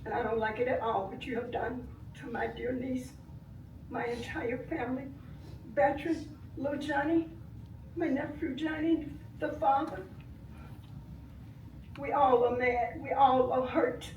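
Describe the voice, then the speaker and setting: Older woman, high voice, pleading hard at a public meeting, sounds far off in a boomy room. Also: fairly even intonation, measured pace, pauses often, roomy sound, a little hiss or hum. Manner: impassioned, swinging from soft grief to loud anger. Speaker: grieving relative giving public comment. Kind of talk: impassioned public comment at a board meeting. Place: village board meeting room.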